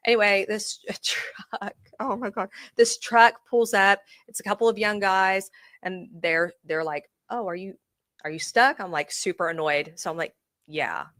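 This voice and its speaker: A woman's bright, crisp voice recorded close and dry, as she spins an animated, laugh-filled tale for her interviewer. She talks the way a real estate pro gossips with a friend, quick to giggle and play every part. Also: medium pitch, no room sound. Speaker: real estate consultant, guest. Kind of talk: casual storytelling interview.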